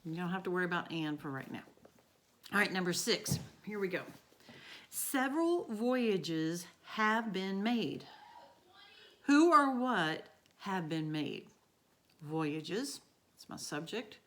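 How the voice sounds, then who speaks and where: A woman's voice: on the low side, animated, a little slow, a bit bright, a little hiss or hum. A woman teacher, walking students through a grammar lesson by asking and answering her own questions. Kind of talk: recorded remote grammar lesson.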